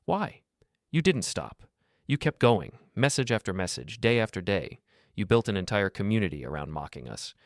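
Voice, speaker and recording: A man's voice: lowish voice, very animated, normal speed, no room sound, studio quality. A man voicing a furious betrayed father. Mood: accusing. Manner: cold, cutting accusations.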